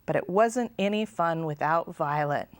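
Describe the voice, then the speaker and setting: A woman's voice: lowish voice, normal speed, slight background noise. A woman, a children's librarian, reading a picture book aloud at storytime. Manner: expressive, sing-song.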